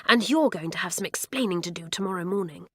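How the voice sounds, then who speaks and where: A woman's voice: fairly low pitch, fast talker, bright, forceful tone, husky, no room sound, studio quality. A woman voicing a protective teenage boy in an audiobook, curt and hissing when angry. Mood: furious. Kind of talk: audiobook character reading.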